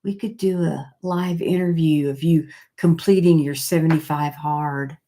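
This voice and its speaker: An older woman hosting a casual live stream, chatting with viewers and reading their comments aloud in a halting way, with many fillers and restarts. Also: deep voice, fairly even intonation, dark tone.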